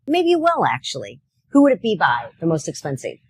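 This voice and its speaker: A woman's voice: low-pitched, huge pitch swings, brisk, husky, rough recording. A woman co-hosting a live local show at an outdoor street fair, chatting casually and laughing often.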